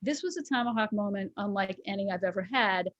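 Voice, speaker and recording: A woman's voice: mid-range voice, brisk, a bit bright, no echo. Woman in her forties, candid storyteller, dry close sound, slightly dull lo-fi audio. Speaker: co-host. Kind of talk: casual chat, personal story.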